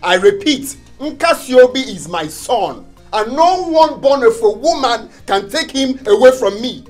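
An indignant young Nigerian father in a film drama, with a lively voice that swings up and down. He talks emphatically and repeats himself. Faint music runs under the scene. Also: high-pitched, measured pace, reverberant. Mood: shouting. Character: young father fighting in-laws for his son.

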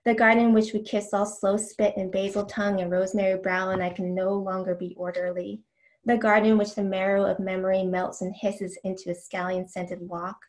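A woman poet giving a slow, deliberate reading of her own poems, with casual asides and ums between them. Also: mid-range voice, flat delivery, darkish tone. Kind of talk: poetry reading.

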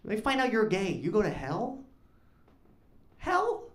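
A man doing a stand-up comedy set on stage, talking in an awkward, deadpan way that rises into loud punchlines. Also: sits high, moderate pace. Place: comedy club stage with live audience. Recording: echoey club with audience noise.

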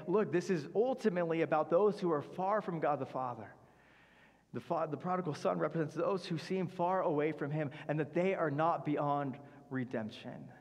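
A man preaching a conversational sermon in a church, acting out the characters' speech and often saying "like". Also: a little high. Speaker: pastor. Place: church sanctuary. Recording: church hall reverb.

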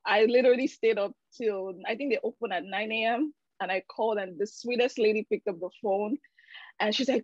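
A woman's voice: mid-range voice, a little fast, no room sound. A woman giving an emotional, candid personal testimonial over a video call, full of fillers. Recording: dull, dry video call audio.

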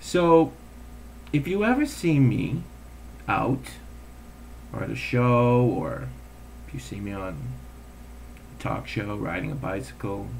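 A man's voice: fairly low pitch, expressive, slow, gravelly, pauses often, a little hiss or hum. A man hosting a casual solo talk show, telling stories in an exasperated way, acting out the people he quotes and swearing now and then. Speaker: host.

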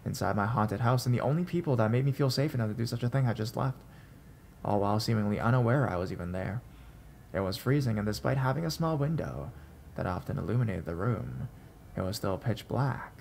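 Male horror narrator, gravelly voice, measured and suspenseful scripted read. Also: on the low side, lively intonation, a little mellow, slight background noise. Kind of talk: scripted first-person narration.

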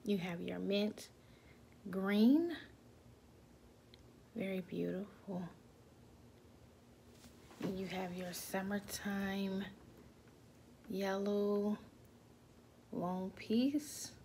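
A woman selling jewelry in a vlog, slowly naming each piece and now and then dropping to a whisper. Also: medium pitch, fairly even intonation, gravelly, dark tone, slight background noise. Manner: slow, repetitive, drops to whispers at times. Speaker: jewelry seller. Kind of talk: product showcase vlog.

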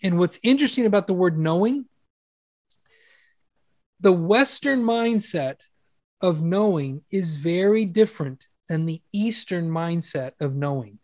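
A man's voice: high voice, unhurried, no echo, clean studio sound. A man preaching a conversational sermon with enthusiasm, asking his listeners questions and changing his pace often. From Western country. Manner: enthusiastic, animated, with rhetorical questions to the congregation.

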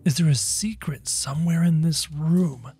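A man playing a brash, cocky cartoon rabbit jester, chatting excitably through a game and yelping when scared. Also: a little high, moderate pace, breathy edge, soft background music. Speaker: gaming YouTuber playing in character. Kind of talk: in-character gameplay commentary.

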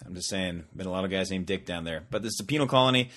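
A man's voice: deep voice, rapid-fire, a bit bright. A man hosting a casual podcast, joking and rambling with frequent restarts. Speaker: podcast host.

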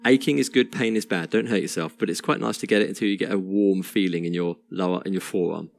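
A man teaching a piano exercise in a relaxed, chatty way, counting beats aloud as he plays. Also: low voice, quick pace, creaky. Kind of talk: casual instructional talk over piano playing. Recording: piano playing loud behind the voice.

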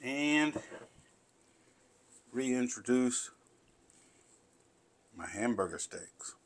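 A man's voice: medium pitch, animated, drawn-out words. A man, hosting a casual home cooking tutorial in a folksy, chatty way. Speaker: cooking show host. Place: home kitchen.

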